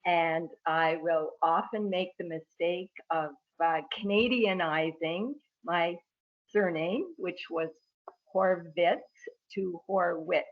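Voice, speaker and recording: A woman from Ireland, a guest author, speaking and reading from her book in a measured, reflective way over a video call. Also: on the low side, muffled recording.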